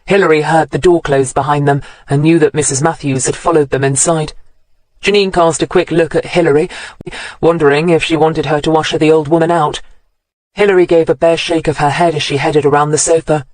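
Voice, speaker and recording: Audiobook narrator, steady even read, dry close mic, mid pitch. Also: brisk, dry recording, low-quality recording. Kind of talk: scripted narration.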